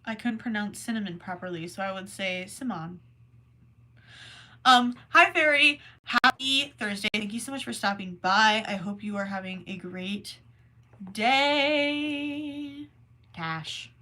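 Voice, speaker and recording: A young woman hosting a crochet livestream, chatting casually and reading messages from the chat in a rambling, self-deprecating way. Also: medium pitch. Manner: slow, rambling and self-deprecating, with soft asides.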